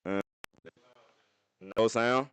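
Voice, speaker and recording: A young man streaming from his phone, telling a profane story to his chat in an animated way, with sudden jumps into high voices. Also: very slow, clear, resonant tone.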